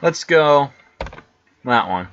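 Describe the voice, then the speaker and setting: A man's voice: medium pitch, lively intonation, extremely slow, a bit bright, highs cut off, a little hiss or hum. A man co-hosting a let's play, chatting casually and weighing game choices aloud. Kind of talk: casual gameplay chat.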